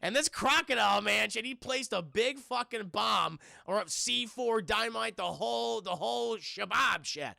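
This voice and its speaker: A man's voice: high voice, moderate pace, creaky, hardly any pauses, no echo, studio quality. A young man who reviews cartoons, recapping an episode to a live chat in a loose, profane way and constantly calling out to the chat. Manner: animated, swears a lot, keeps addressing the chat.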